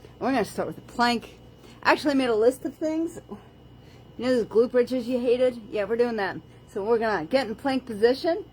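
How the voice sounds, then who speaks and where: Counting reps aloud and joking at her own expense, a fitness instructor leads a live floor workout on a mat at home, talking viewers through planks and stretches. The camera sits on the floor, and her voice is on the high side, slightly rough, at a normal speed.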